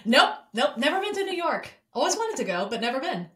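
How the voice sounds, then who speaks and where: A woman hosting a casual book podcast, chatty and quick, often restarting her sentences. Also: high voice, big pitch swings, a bit bright, roomy sound. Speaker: podcast host. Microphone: remote recording software.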